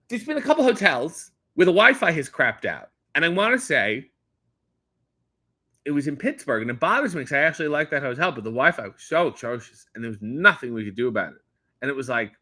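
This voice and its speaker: A man hosting a comedy stream, reading viewer comments aloud and answering them with sardonic, deadpan asides. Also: a little high. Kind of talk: comedic live-stream chat.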